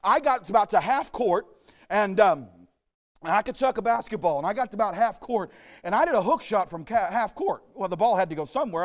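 A man from Arkansas delivers a sermon in a notably high voice, folksy and full of joking asides. He drifts into homey personal stories as he preaches.

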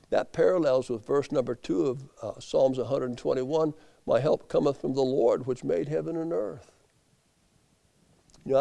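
A man preaching a sermon, swinging from low, quiet asides up to loud emphatic peaks. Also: creaky. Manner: rising to emphatic peaks, then dropping low.

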